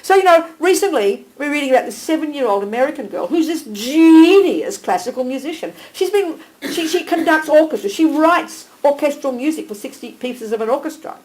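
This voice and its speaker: A woman teaching a small group live, animated and direct, checking in with listeners by name and calling them darling. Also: high-pitched, fairly quick, few pauses, poor audio. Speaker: Buddhist teacher.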